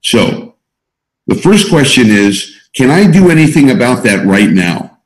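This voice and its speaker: A man's voice: medium pitch, sing-song, measured pace. A man coaching a small group of students, teaching in an emphatic way and repeating his key points. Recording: roomy echo.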